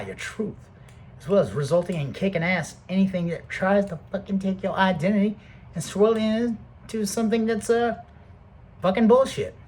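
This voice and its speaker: A man rambling through a casual, heavily profane motivational monologue that swings between loud bursts and low mutters. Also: husky, rough recording. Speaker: vlogger.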